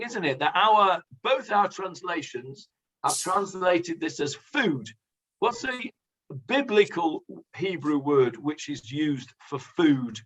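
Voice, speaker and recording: A man, a rabbi, leading a conversational Bible class, pausing with many fillers and asking the class questions. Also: a little high, a bit bright. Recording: dull lo-fi sound.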